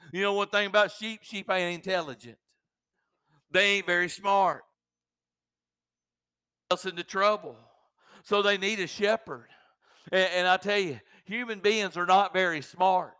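A man's voice: high voice, pushed and bright, smooth, no room sound. A man preaching a sermon, often repeating words as he builds up.

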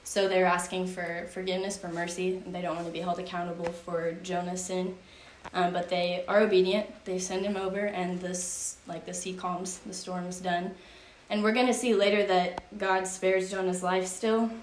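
A woman's voice: lowish voice, little pitch movement, moderate pace, hardly any pauses, slight background noise. Young woman, youth Bible study leader, casual and chatty, many "like"s; distant mic in an echoey room. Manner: chatty, filler-heavy storytelling with frequent "like". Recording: roomy echo from a distance.

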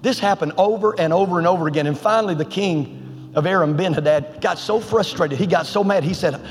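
A man preaching a sermon to his church, telling a Bible story in a lively, colloquial way. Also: sits high, brisk, big-room sound.

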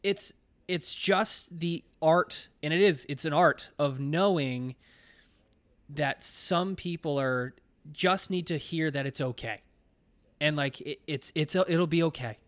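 Man, podcast host, excitable, profane, slightly high pitch, dry recording. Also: slow, no room sound. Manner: excitable, swears freely. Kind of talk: casual podcast interview.

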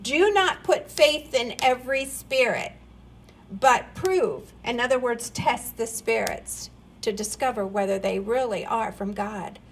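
A woman with a high voice preaches at an unhurried pace. She speaks earnestly and presses her points with pointed, emphatic questions. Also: a bit bright, poor audio. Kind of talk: sermon.

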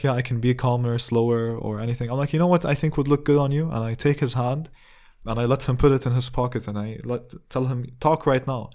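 A young man hosting a podcast, telling a personal story in an earnest, reflective way, with many restarts and fillers. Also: medium pitch. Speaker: podcast host. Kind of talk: casual storytelling monologue.

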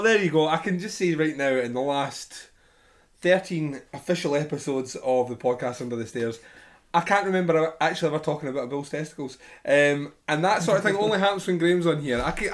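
A man's voice: on the high side, quick pace. A man hosting a casual podcast chat, joking and laughing often. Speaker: podcast host.

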